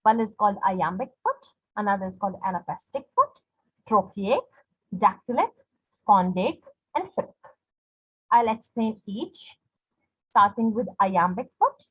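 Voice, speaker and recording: Husky woman teaching with exaggerated stress. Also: mid-range voice, expressive, measured pace. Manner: explains step by step, repeating example words with exaggerated stress. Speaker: poetry teacher. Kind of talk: explanatory lesson. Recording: dull lo-fi recording.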